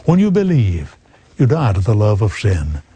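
Slow-preaching man in his eighties. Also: on the low side, huge pitch swings, dark tone, slightly rough, no echo. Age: 80s. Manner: slow, earnest preaching, addressing the listener as friend. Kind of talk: sermon.

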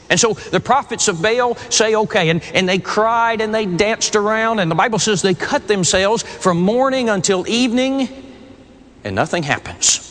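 A man's voice: high-pitched, a bit bright, big-room sound. A man preaching a sermon, retelling a scripture story in an earnest way and often repeating words as he starts a phrase.

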